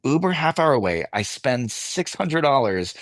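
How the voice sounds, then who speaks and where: A man, an actor guest, telling an animated anecdote in a casual interview and voicing the people in it. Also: medium pitch, normal speed, no room sound. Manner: animated anecdote telling, voices others in quotes.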